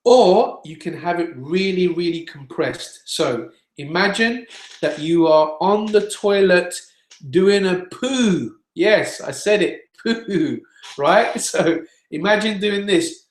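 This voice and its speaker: Slow-talking man teaching singing. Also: sits high, expressive, reverberant. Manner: demonstrates sounds with his voice; plain, direct explaining. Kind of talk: webinar teaching.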